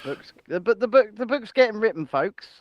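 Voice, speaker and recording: A man's voice: high voice, moderate pace, no echo, highs cut off. A man co-hosting a casual comedy news podcast, joking and plugging the show's support links. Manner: jokey, animated, plugs support links. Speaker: podcast co-host. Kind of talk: casual banter.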